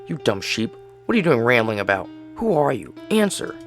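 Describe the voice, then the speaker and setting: A man voicing a terrified and furious young son in a horror game, shouting and swearing in panic. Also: mid-range voice, big pitch swings, brisk, soft background music. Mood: panicked rage. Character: terrified furious young son facing his dead mother.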